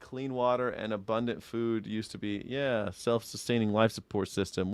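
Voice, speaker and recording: Sarcastic streamer man, smooth low voice. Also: steady tone, normal speed, few pauses, no room sound. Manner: blunt, sarcastic, talks back to chat; drops into a mock-tough swagger when teased. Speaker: streamer hosting a call-in show. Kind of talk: casual livestream commentary reading chat.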